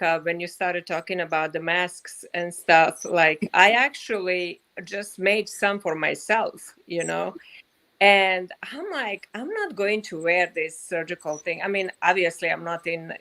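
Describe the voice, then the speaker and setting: Relaxed woman guest on a video call. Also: fairly low pitch, poor audio. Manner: relaxed, many fillers like "like" and "you know". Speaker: fashion designer guest. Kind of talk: casual interview over video call. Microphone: video call mic.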